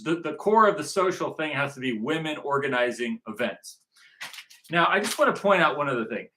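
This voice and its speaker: A man's voice: fairly high pitch, pushed and bright. A man from Southern California giving a rambling, repetitive recruitment monologue, circling back to the same points. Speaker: movement organizer.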